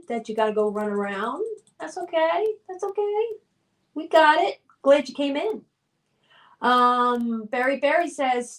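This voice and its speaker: High-voiced woman streamer reading chat. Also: recorded from a distance. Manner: reads viewer comments aloud, chatty and upbeat, hums filler tunes. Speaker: livestream host reading chat. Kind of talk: casual live-stream chat.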